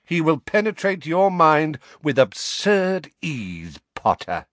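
A man's voice: lowish voice, sing-song, takes it slowly, pushed and bright, no room sound, exaggerated voice. A man doing a cold, scornful stern teacher. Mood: contemptuous.

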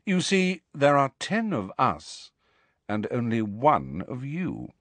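A man's voice: huge pitch swings, fairly bright tone, no echo, heavily acted. A man doing a drawling sneering aristocrat villain. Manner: low, slow, sneering drawl.

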